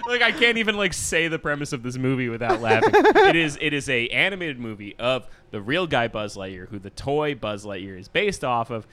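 A man co-hosting a casual chat, reacting to a movie trailer with incredulous, animated talk. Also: mid-range voice, a little fast, hardly any pauses, a little hiss or hum. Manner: incredulous, animated, laughs often. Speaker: podcast co-host.

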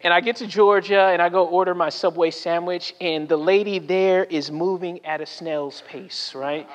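High-voiced pastor telling stories in a reverberant hall. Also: male voice, fairly even intonation, normal speed, highs cut off. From Southern California. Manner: storytelling with frequent "right?" asides and acted-out quotes. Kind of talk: sermon. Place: church sanctuary.

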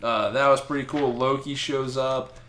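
Animated, swearing man recapping comics. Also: mid-range voice, moderate pace, a little hiss or hum. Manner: animated, profane storytelling. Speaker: podcast host. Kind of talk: casual comic-book chat.

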